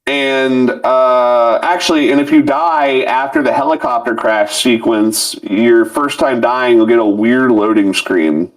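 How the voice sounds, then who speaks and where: Man, casual podcast co-host, rambling, swearing, middle pitch, a bit far from the mic. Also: unhurried, hardly any pauses. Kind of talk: casual chat about a video game.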